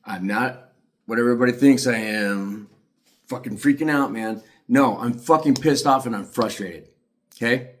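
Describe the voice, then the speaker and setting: A man's voice: medium pitch, normal speed. A middle-aged man giving an agitated, profane monologue to the camera as an aggrieved father. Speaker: aggrieved father telling his story.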